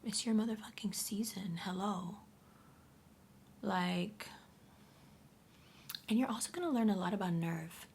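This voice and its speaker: A woman giving a casual astrology reading to camera, blunt and profane, often talking in a soft half-whisper. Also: medium pitch, unhurried, pauses often, slight background noise. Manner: blunt and profane, addressing the viewer directly. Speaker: astrology reader.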